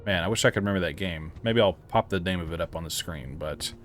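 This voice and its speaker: Game reviewer: low-voiced young man, sarcastic asides, faint music under. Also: quick pace. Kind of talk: casual let's-play commentary.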